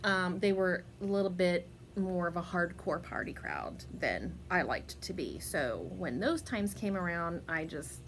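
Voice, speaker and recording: Slow-talking woman telling a story. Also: fairly low pitch, animated, a little hiss or hum. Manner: chatty, laughs often, many fillers and restarts. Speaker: podcast host. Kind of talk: casual personal storytelling.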